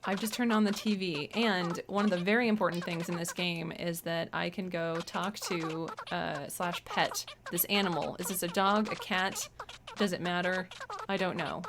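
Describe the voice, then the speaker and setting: A woman's voice: lowish voice, fairly even intonation, noisy background. A woman hosting a game stream, chatty and gushing as she plays and talks with developers. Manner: bubbly, chatty, quick to gush. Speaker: stream host playing games. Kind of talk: casual game stream chat.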